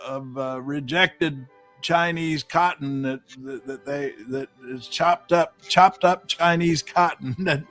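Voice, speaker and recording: A man hosting a casual live-stream chat, talking in a halting, rambling way with many fillers. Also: on the high side, steady tone, fairly bright tone, soft background music. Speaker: host.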